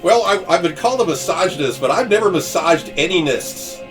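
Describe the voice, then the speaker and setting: A man's voice: high voice, lively intonation, brisk. Playful man hosting a comedy stream. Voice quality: laughs often, playful and jokey. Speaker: live-stream host. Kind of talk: comedic banter. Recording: music playing behind.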